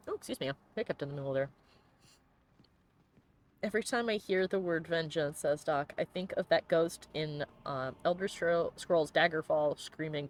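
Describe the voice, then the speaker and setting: Chatting casually and playfully about the game, a woman with a deep voice hosts a let's play at normal speed. She giggles often and reads the chat out loud throughout her commentary.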